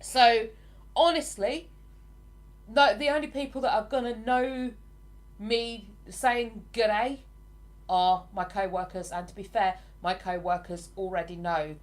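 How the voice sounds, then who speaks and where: A woman with an English accent hosting a casual live stream, chatting and laughing easily as she greets viewers by name. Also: mid-range voice.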